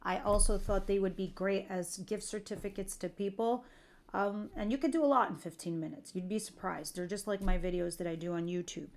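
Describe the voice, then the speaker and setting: A woman's voice: medium pitch, brisk. A middle-aged woman giving a casual, chatty tarot reading, talking straight to her viewers with light jokes. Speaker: tarot reader.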